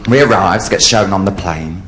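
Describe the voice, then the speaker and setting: A man in drag, telling bawdy stand-up jokes on a theatre stage with brash, lively delivery. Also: sits low, moderate pace. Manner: brash, lively storytelling with sudden loud outbursts. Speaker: drag comedian. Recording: live theatre audience, faint hiss.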